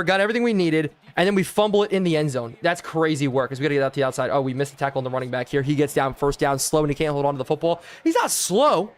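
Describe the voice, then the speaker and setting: A young man streaming a football video game, calling the plays excitedly and chatting with his viewers, his voice worn out. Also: fairly high pitch, very fast. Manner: excitable, talks to chat, play-by-play calls. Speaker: gaming streamer.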